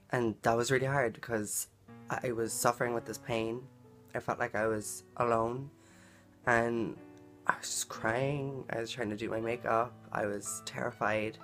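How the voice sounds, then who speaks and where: A woman's voice: a bass voice, a bit bright. A woman vlogging a personal story in a casual, earnest way, full of "like" and "um" fillers. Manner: chatty, filler-heavy, frequent "like" and "um"; earnest and emotional in retelling.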